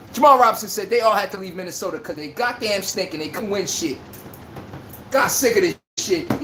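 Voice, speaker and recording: Male livestream sports host, loud and profane, speech, echoey room, faint background noise. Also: sits high. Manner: animated, profane, trash-talking. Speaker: podcast host. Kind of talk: casual sports commentary livestream.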